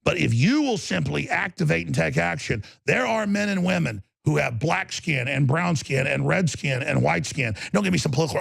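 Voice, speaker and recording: A man's voice: a little high, animated, fairly quick, creaky, hardly any pauses, dry recording. A male talk show host delivering an intense, emphatic, rambling monologue.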